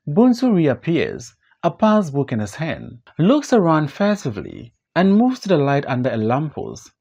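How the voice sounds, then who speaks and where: A man narrating stage directions for an audiobook of a play, measured and descriptive. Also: a little high, huge pitch swings, gravelly, mellow.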